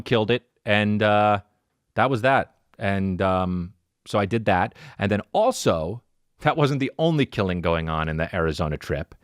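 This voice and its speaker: A man in his thirties hosting a podcast, ranting through a comic story with lots of swearing and sudden jumps into silly high voices. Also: no room sound, studio quality. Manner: animated storytelling, profane, jumps into mock voices and high sung syllables. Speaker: podcast host. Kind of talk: comedic rant.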